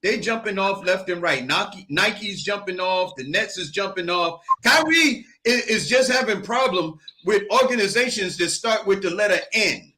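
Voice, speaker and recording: A man argues his sports take with emphatic, storytelling energy. His voice sits high and bright. A faint hiss runs underneath. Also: lively intonation, moderate pace, few pauses. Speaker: sports panelist. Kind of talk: casual sports debate.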